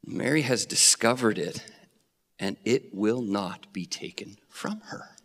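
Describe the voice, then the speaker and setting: A man voicing a gentle, patient male teacher, speaking softly, slowly and tenderly. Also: mid-range voice, animated, gravelly, full character voice. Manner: soft, slow and tender. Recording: long reverb of a hall.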